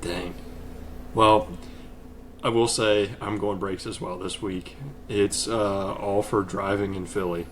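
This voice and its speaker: A man's voice: lowish voice, fairly even intonation, slow, a little hiss or hum. A man hosting a casual podcast, easygoing and chatty, laughing along and telling long rambling stories. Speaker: podcast host.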